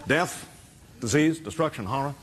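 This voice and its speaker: A comedian impersonating a famous starship captain with dramatic, halting pauses and laughing through it. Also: male voice, mid-range voice, lively intonation, over loud music, lightly acted. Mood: mock grave.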